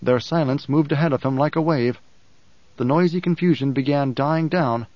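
Solemn, measured male audiobook narrator. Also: on the high side, no echo, dull audio. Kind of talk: scripted narration.

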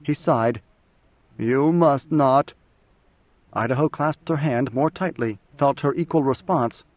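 A man narrating a novel in a steady, even storytelling manner. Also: medium pitch, moderate pace, dry recording. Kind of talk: audiobook narration. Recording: dry, slightly dull audio.

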